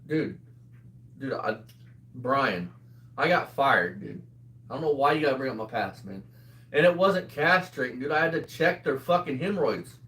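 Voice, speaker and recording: On a commentary show, a man in his twenties speaks at a moderate pace with a medium-pitched, bright, forceful voice and lively intonation. His casual banter is mocking and full of swearing, punctuated by laughter, and he sounds distant in an echoey room.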